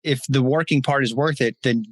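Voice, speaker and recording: A man's voice: mid-range voice, brisk, no room sound. A man as a podcast guest, explaining ideas casually and acting out inner voices. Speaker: guest coach. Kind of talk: casual advice chat.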